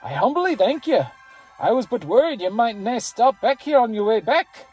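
A player voicing a pompous old lord from a fantasy game, with a deliberately bad mock burr and slow, drawn-out phrasing. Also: mid-range voice, darkish tone, slightly rough, faint music behind.

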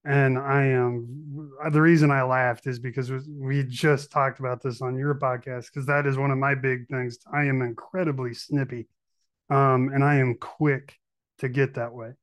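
A man's voice: mid-range voice, flat delivery, a little slow, no room sound. A man hosting a podcast, answering in casual conversation and candidly admitting his own faults. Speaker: podcast host.

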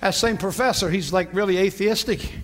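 A male preacher delivering a sermon in an animated, folksy manner, laughing often. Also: sits high, fairly quick, background noise.

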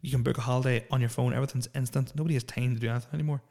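A man's voice: mid-range voice, steady tone, racing, warm tone. A man, hosting a solo podcast and ranting in a profane, opinionated, rambling way. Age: 30s. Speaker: podcast host.

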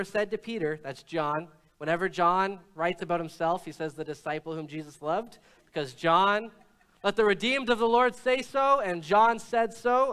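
High-voiced preaching pastor, smooth tone. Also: male voice, fairly bright tone. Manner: storytelling preacher, quotes scripture and acts out lines with shifts in pitch and pace. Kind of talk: sermon. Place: church.

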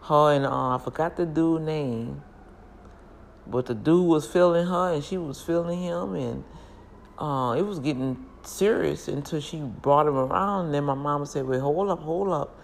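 Casual vlogger, woman, gravelly voice, animated and chatty, faint room noise. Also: deep voice, moderate pace. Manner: chatty, animated, laughs a lot. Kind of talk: casual storytelling to viewers.

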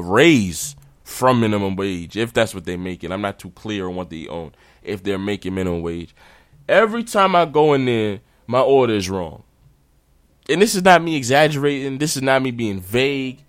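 A man hosting a podcast, ranting in a casual, animated, slangy way. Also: on the low side, no room sound. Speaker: podcast host.

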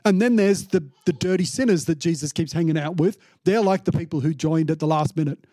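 High-voiced man preaching casually. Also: a little fast, warm tone, dry recording. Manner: casual, chatty, many fillers and restarts; acts out the landowner's lines in a mock-indignant tone. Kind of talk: conversational sermon.

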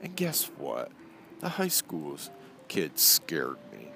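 A man telling a personal story in a casual, animated way, acting out the voices of people he quotes. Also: rumbling low, slow pace, vocal fry, music in the background.

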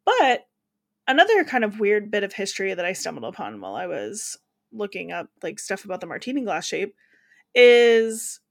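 A woman's voice: medium pitch, very animated, moderate pace. An American woman co-hosting a casual podcast, chatting and laughing often as she tells drink history. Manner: chatty, laughs often, reads quotes aloud. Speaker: podcast co-host.

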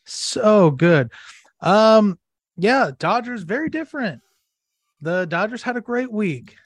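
A man's voice: high voice, very animated, slow pace, dry recording. A man co-hosting a casual sports podcast, gloating and swearing as he mocks rivals. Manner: gloating, profane, mocking. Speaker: podcast co-host.

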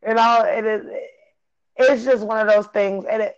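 A woman's voice: on the high side, steady tone, moderate pace. A woman in her thirties from Illinois, telling her own story in casual talk, laughing often, cursing freely and acting out what people said. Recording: dull lo-fi recording.

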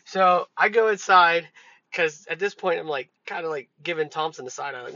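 A man's voice: fairly high pitch, moderate pace, sharp tone, no room sound. A man hosting a podcast, telling work stories in a loose, profane, casual way with many fillers. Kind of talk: casual storytelling monologue. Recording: dull lo-fi recording.

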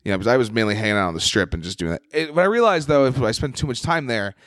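Young new guy rambling thru a story, swears a lot, lively ups and downs, dry close sound. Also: mid-range voice, racing, no echo. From New York. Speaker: podcast co-host. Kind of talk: casual chat.

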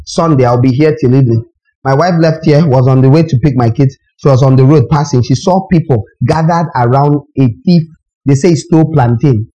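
A man, preaching a sermon as pastor in an animated, emphatic way full of rhetorical questions. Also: mid-range voice, fairly quick, highs cut off.

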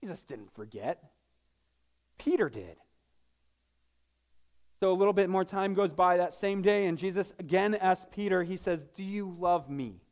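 A man preaches from the pulpit in a relaxed, conversational way, cracking jokes and tripping over his own words as he goes. His voice sits high for a man. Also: normal speed, long pauses. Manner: casual and joking, with frequent restarts. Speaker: pastor. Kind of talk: sermon.

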